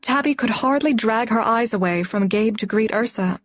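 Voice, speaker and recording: A woman's voice: fairly high pitch, normal speed, dry recording. Woman narrating an audiobook, dry and close.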